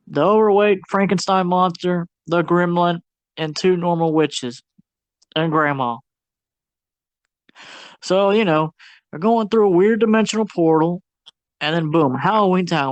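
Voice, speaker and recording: A man's voice: a little high, dry recording. A man co-hosting a movie review podcast in casual chat, retelling a plot with slangy jokes and playful put-on voices.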